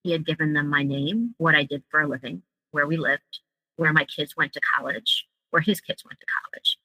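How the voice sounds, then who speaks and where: Woman recounting her story, bright and dry. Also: sits low, normal speed, dry recording, low-quality recording. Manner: emotional storytelling, acts out quoted dialogue. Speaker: guest. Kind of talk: personal account in an interview.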